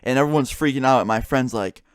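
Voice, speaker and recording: A man's voice: medium pitch, fast, clean tone, no echo, clean studio sound. A young man casually telling a story, swearing often and acting out what his friends said. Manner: swearing, animated retelling with quoted dialogue.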